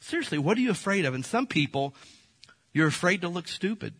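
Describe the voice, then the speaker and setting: Animated folksy preacher man, husky voice. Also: high-pitched, fairly quick, no echo. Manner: animated storytelling, acts out quoted voices; folksy, addresses the congregation as folks. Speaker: pastor. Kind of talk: sermon.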